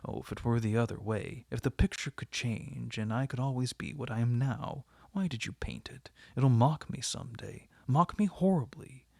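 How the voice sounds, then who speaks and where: A man reading the part of an anguished, vain young man who pleads theatrically, with a gravelly, husky voice. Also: mid-range voice, moderate pace, few pauses, no room sound, clean studio sound.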